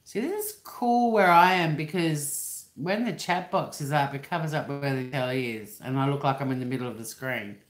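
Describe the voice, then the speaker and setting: An Australian woman in her fifties with a rumbling low voice hosts a livestream from her living room, speaking at normal speed with few pauses. Her chat rambles casually and she swears freely, and the recording has a roomy echo.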